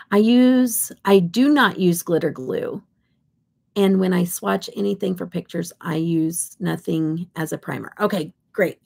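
A woman's voice: fairly low pitch, measured pace, vocal fry, darkish tone, slightly rough. A middle-aged woman from Kansas, hosting a casual makeup livestream, chatty and rambling, often dropping into whispers. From Kansas, USA. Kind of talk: casual live chat while swatching.

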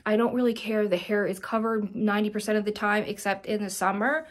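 A woman's voice: medium pitch, steady tone, a little fast. A woman vlogger chatting casually at home, gushing and rambling as she shows off her purchases. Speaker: beauty vlogger. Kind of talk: casual chat. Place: home, indoors.

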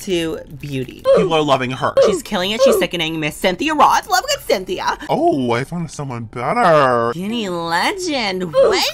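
A young woman playing a life-simulation game and commenting in a campy, slang-heavy, dramatic way, with squealing high notes. She speaks into a desk condenser microphone. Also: big pitch swings, normal speed, hardly any pauses. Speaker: gaming YouTuber. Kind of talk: Sims gameplay commentary.

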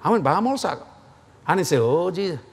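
Fast, animated preacher man. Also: high voice, breathy edge. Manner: folksy storytelling, acts out dialogue, laughs often. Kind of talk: sermon. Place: large convention hall, live audience.

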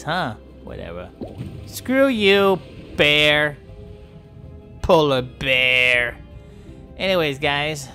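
Speaking on the high side with a fairly bright tone, a man role-plays a chatty, friendly bowhead whale, male, in playful game commentary. The whale rambles, jokes around and trash-talks polar bears.

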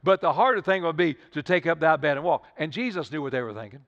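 A man's voice: fairly high pitch, lively intonation, quick pace, fairly bright tone. An older man preaching a sermon as pastor, repeating and restarting phrases as he builds his point. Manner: preaching with Southern-style repetition and stammered restarts. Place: church sanctuary. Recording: dull livestream audio with long hall reverb.

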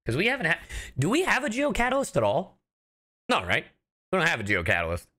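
A man who is a voice actor chatting casually with his livestream chat, animated and talkative, laughing often. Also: a little high, fast. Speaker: voice actor streaming a reaction.

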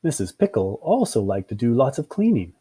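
Expressive male children's story reader. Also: mid-range voice, a little fast, slightly rough. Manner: expressive, sing-song storytelling. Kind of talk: read-aloud children's story narration.

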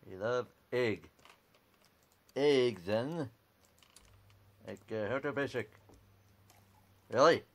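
A man with a mid-range voice comments dryly and offhandedly on a computer game for a gameplay video, reading on-screen text at a desk mic. He speaks at a slow pace with long pauses and keeps saying "alrighty."

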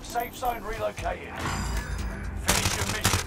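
High, clipped military game announcer. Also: male voice, steady tone, unhurried, over loud music. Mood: clipped commanding. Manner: clipped, commanding callouts. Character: terse male military radio announcer.

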